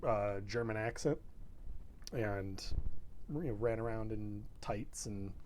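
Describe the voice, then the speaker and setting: A man's voice: fairly low pitch, slow, a little mellow, a little hiss or hum. A young man in a casual, rambling stream chat, self-deprecating and laid-back, plugging the show between stories. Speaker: show regular.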